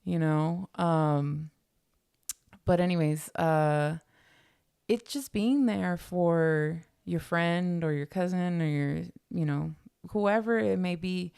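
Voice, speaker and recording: A woman with a low, gravelly voice talks candidly as a podcast guest, earnest and emotional, slipping into now and then. The sound is close and dry. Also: slow pace, a little mellow, no room sound. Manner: earnest, emotional, quotes others in little voices. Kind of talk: candid personal conversation.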